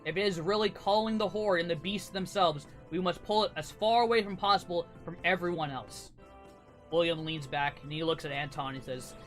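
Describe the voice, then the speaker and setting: A man's voice: a little high, steady tone, brisk, a bit bright, faint music behind. A man narrating as dungeon master, casual with filler words. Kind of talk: narrating a tabletop game.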